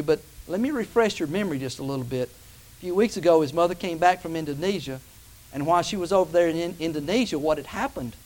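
A man preaches a sermon in a fairly high voice. He builds to emphatic, drawn-out peaks and then drops back down to talk plainly with the congregation. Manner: rising to emphatic peaks, drawn-out key phrases.

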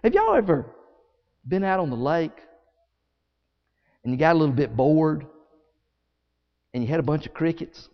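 A man preaching a sermon as a story, animated and folksy, acting out scenes with sound effects. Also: fairly high pitch, moderate pace, pauses often. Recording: echoey hall, dull sound.

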